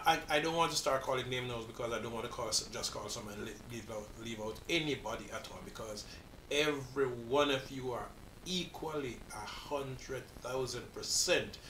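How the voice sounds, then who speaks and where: A man's voice: mid-range voice, normal speed, bright, forceful tone, roomy sound, distant mic, slight background noise, poor audio. A man in his forties with a Caribbean accent, hosting a reaction video in earnest, rambling talk that restarts its sentences. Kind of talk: casual reaction commentary.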